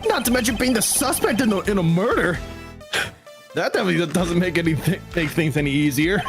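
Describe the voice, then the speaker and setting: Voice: medium pitch, animated, fast talker, over music, close to an everyday voice. A streamer reads aloud the lines of a chatty, upbeat male reporter from a video game, teasing and exclaiming as they go. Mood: concerned.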